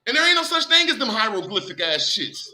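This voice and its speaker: Man on a group call, high voice, very bright, loud, emphatic, repeats himself, swears. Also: sing-song, fast talker, slight background noise, rough recording. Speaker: call participant, self-described language guru. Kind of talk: casual online group call discussion. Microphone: computer headset or call mic.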